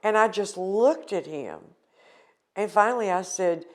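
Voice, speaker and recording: A woman's voice: on the low side, a little slow. An older woman from the United States recounting a painful personal experience in an earnest, emotional interview.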